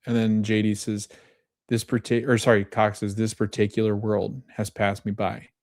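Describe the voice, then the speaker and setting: A man's voice: lowish voice, monotone, moderate pace, a little mellow, dry recording, studio quality. A man hosting a podcast, retelling scenes in casual chat, reading quoted lines and often correcting himself. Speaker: podcast host.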